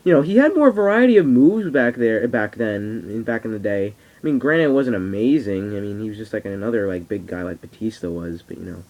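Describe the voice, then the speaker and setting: A teenage boy in a casual vlog, rambling excitably and swearing freely. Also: lowish voice, fairly quick, hardly any pauses, highs cut off. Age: teens. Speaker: vlogger. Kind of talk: casual wrestling reaction vlog. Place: at home on camera.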